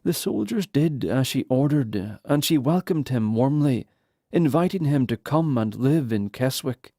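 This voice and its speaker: A man reading fantasy narration for an audiobook in a measured, unhurried way. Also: medium pitch, lively intonation, dark tone, dry recording, studio quality.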